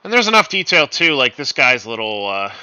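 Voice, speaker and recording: A man co-hosting a casual chat, animated and laughing often. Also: medium pitch, fairly quick, smooth, dry recording, muffled recording. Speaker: co-host.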